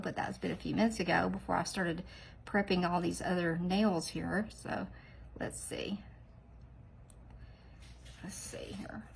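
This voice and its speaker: A woman hosting a nail tutorial, chatting in a rambling, sniffly way and often dropping into soft whispered asides. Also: mid-range voice, vocal fry, slight background noise, low-quality recording. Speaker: nail art channel host. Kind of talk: casual tutorial chat.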